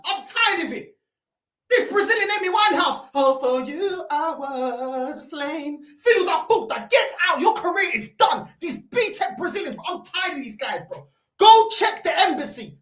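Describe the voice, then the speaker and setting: A woman with a London accent hosting a football fan stream, ranting heatedly, shouting and swearing, and dropping into Portuguese curses. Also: extremely high pitch. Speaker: football fan channel host. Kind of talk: ranting live-stream reaction. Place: room at home by a computer. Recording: roomy echo.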